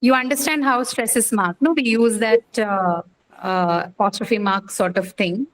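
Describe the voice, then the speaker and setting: A woman's voice: a little high, unhurried, a little hiss or hum, rough recording. A woman teaching English pronunciation in a class, quizzing students patiently with many fillers and questions. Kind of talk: online class lecture.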